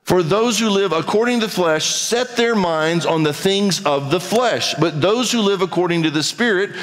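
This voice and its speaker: Man, pastor, sermon, emphatic repetition, high pitch, long hall reverb. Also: fairly bright tone.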